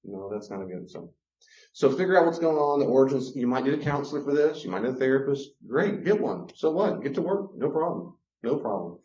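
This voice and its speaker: Lively man teaching in a roomy space. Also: medium pitch, fairly quick. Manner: lively, acts out quoted voices, chuckles often. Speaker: Christian teacher on relationships. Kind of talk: teaching talk with acted-out examples. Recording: roomy, dull lo-fi recording.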